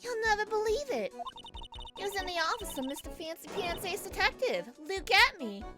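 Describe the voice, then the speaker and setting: A brash young biker woman bursts out in a high, gushing voice, as a woman plays her. Her pitch jumps well above the reader's own. Game music plays under every line. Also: very animated, normal speed. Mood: excited.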